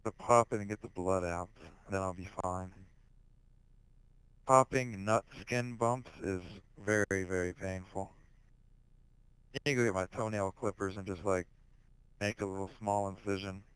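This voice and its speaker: A teenage boy in casual online voice chat on a headset, rambling crudely with heavy swearing and sudden shouted outbursts. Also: deep voice, fairly even intonation, unhurried, long pauses, clean tone, no room sound, low-quality recording. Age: teens.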